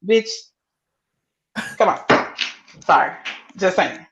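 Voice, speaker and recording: Brief: low gravelly woman, brash talker, echoey muffled sound with faint hiss. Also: moderate pace. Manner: brash, profane, emphatic. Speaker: co-host. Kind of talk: casual chat.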